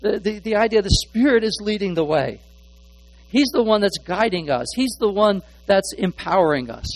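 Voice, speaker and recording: A pastor with a high, light voice and lively intonation delivers a sermon haltingly, tripping over and repeating small words while he searches for phrasing. He alternates between hushed, almost murmured asides and hard stress on single words, in a dry, low-quality recording.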